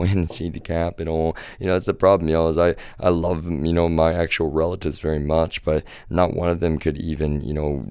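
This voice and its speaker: A man with an extremely low, clear, resonant voice livestreams from his home, with studio-quality sound and no room noise. He rants in a profane, agitated monologue, repeatedly addressing his viewers as "y'all".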